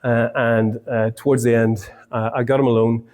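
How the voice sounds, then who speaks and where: A man's voice: medium pitch, steady tone, normal speed, darkish tone. A man, telling a humorous personal story in a sermon.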